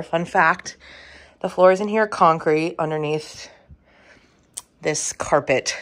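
A woman's voice: fairly low pitch, a bit bright. A woman in her thirties giving a casual, chatty tour of her room, swearing freely and saying um a lot. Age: 30s. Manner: chatty and offhand, swearing, many ums.

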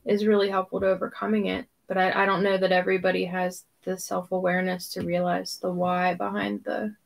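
A woman's voice: on the low side, flat delivery, brisk, vocal fry, rough recording. A woman co-hosting a live podcast, speaking in a thoughtful, somewhat hesitant way. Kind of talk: casual live podcast talk.

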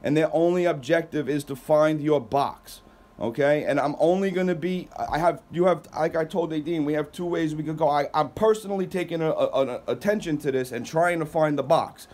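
An exasperated man who owns a moving company, on a heated phone call with a customer. He sounds defensive and stammers through repeated restarts. His voice sits a little high for a man. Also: fairly quick, a little mellow.

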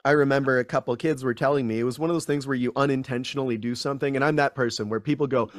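A man, a guest actor, chatting casually in an interview and acting out quotes with lively voices. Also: medium pitch, fast, few pauses, dry recording, clean studio sound. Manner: animated storyteller, acts out quotes in voices.

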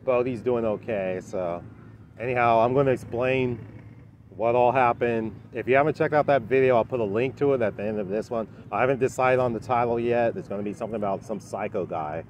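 Everyday guy vlogging outdoors, loose rambling delivery, mid-pitched voice, light street noise. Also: brisk. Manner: rambling, lots of "anyhow" and "uh". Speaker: vlogger at a dog park. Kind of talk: casual vlog to camera. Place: outdoor dog park.

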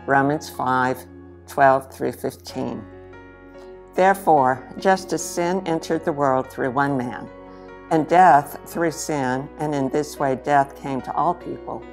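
A woman chaplain resident reading a scripture passage aloud in a steady, formal way. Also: deep voice, creaky.

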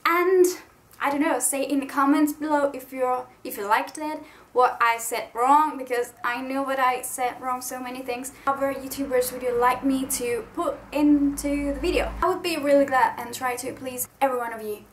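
Woman, high voice, casual vlog, rambling, self-deprecating. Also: steady tone, moderate pace, slight background noise. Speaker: YouTuber.

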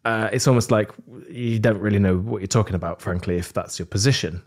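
A man's voice: on the low side, a little fast. A man with a British accent, a podcast guest in casual tech chat, wry and joking as he talks. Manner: wry, joking, animated storyteller.

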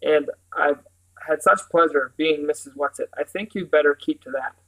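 A motherly celestial being who shifts her shape speaks to the children in a gentle, reassuring way, as a man reads her lines. The voice sits a little high and stays soft, in a plain storybook reading. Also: normal speed, poor audio.

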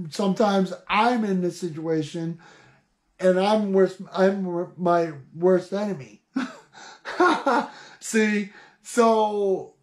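A high-voiced man preaching slowly and haltingly over scripture, stopping often to restart his words. He reads the verses aloud and then talks them through in a plain, informal way. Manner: slow, halting, with many restarts and "see". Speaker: online Bible teacher. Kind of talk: informal Bible reading and preaching.

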